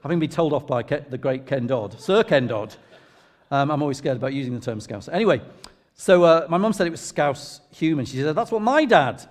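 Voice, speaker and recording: A middle-aged English vicar sharing a personal testimony in church, in a conversational, self-deprecating storytelling way. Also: male voice, medium pitch, expressive, brisk, a little mellow. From England. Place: church hall. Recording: long reverb of a large hall.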